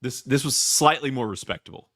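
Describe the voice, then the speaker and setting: A man with a Southern US accent, hosting a casual movie review chat, animated and rambling with lots of restarts. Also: mid-range voice, fairly quick, creaky, dry recording, studio quality. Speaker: podcast host.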